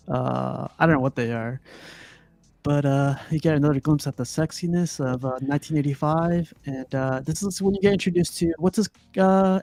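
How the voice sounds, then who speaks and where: A man's voice: fairly high pitch, creaky, a little mellow, dry recording. A man chatting casually about a movie he loves, laughing often and rambling loosely. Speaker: podcast host. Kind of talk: casual movie review chat.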